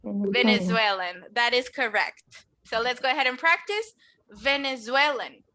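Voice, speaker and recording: Bright high-voiced woman teaching English. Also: animated, a little slow. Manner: encouraging, models words for students to repeat. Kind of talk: classroom lesson. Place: classroom.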